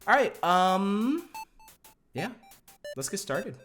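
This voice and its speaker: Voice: medium pitch, sing-song, moderate pace, long pauses, a bit bright. A game streamer chatting casually and joking with viewers while playing, over game music. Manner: wry, joking, reacts to chat. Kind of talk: casual live-stream commentary. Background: video game music.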